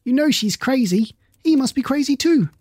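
A narrator doing a shrill spiteful neighbour woman. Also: expressive, moderate pace, darkish tone, slightly rough, no room sound.

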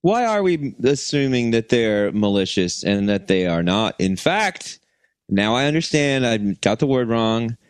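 A man's voice: mid-range voice, big pitch swings, unhurried, clean tone, no echo, studio quality. A man co-hosting a comedy podcast, joking around in a goofy, playful way. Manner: goofy, playful, runs with a silly bit. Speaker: podcast co-host. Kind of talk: comedic banter.

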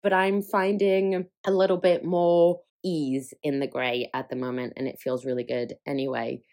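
A young woman talks candidly on her own podcast, in a slightly low voice. She is chatty and open, laughs often and swears without a second thought. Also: little pitch movement, normal speed, darkish tone. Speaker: podcast host. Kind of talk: candid solo podcast chat.

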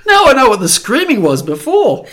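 A man's voice: very high voice, wildly swooping pitch, brisk, noisy background. A man co-hosting a podcast, reacting playfully and giggling in casual chat. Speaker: podcast co-host.

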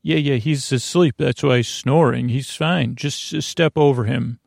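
A man voicing an eager young male rescuer who talks in a hurried, urgent way. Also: medium pitch, gravelly, a little mellow, dry recording, clean studio sound. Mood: reassuring.

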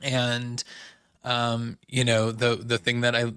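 A man's voice: medium pitch, completely flat delivery, slow, a bit bright, clear, resonant tone, no room sound, clean studio sound. A man hosting a casual podcast, recapping reality TV in a loose, chatty way with lots of fillers and quoted asides. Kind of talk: casual chat.

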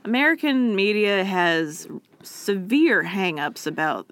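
A woman's voice: medium pitch, expressive, slow pace, fairly bright tone. A woman co-hosting a casual history podcast, joking and riffing playfully. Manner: playful, jokey, trailing asides. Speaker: podcast co-host. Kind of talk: casual chat.

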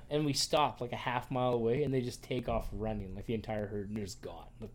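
Male podcast co-host, mid-pitch, loose storyteller who leans on filler words and curses freely. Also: fairly even intonation, brisk. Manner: rambling, filler-heavy, profane. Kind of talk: casual chat, storytelling.

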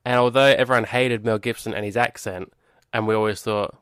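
A man's voice: fairly low pitch, fairly even intonation, a little fast, a bit bright, clean tone, no echo, clean studio sound. A man co-hosting a podcast, casually griping about a film with wry exasperation. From Scotland. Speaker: podcast co-host. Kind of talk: casual chat.

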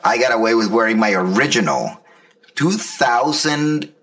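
Bright-voiced, profane rambling man. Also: medium pitch, expressive, normal speed. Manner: profane, rambling storyteller with frequent restarts. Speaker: podcast co-host. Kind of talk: casual chat.

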